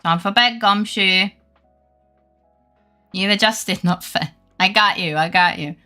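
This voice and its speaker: A woman's voice: medium pitch, slow pace, sharp tone, soft background music. A woman chatting casually with her viewers on a live stream, swearing freely and laughing often.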